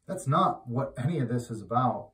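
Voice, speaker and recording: A man's voice: medium pitch, animated, moderate pace. Man preaching informally in a roomy echo. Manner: conversational, grows loud and emphatic when exhorting. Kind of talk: informal sermon. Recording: roomy echo, mic at a distance.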